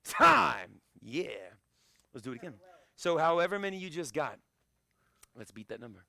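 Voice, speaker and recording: A man coaching a live online karate fitness class, shouting encouragement and countdowns and joking between sets over a video call. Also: fairly high pitch, lively intonation, fairly quick. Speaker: karate instructor.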